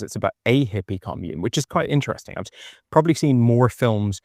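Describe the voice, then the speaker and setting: A man's voice: on the low side, animated, brisk, a little mellow, dry recording, clean studio sound. An Irish man chatting and rambling in a phone voice note while walking outdoors. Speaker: podcast co-host. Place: park outdoors at dusk.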